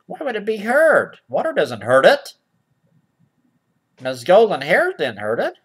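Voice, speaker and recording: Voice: mid-range voice, huge pitch swings, normal speed, husky. A storyteller who reads a children's story aloud to mock it, making sarcastic asides to the listeners and restarting sentences. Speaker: storyteller and channel host.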